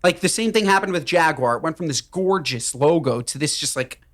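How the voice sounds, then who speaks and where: A male co-host banters and hands out advice in a wry, teasing tone. His pitch swoops widely as he drives his points home with repetition. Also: expressive, brisk, fairly bright tone. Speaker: podcast co-host. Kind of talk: casual banter giving advice.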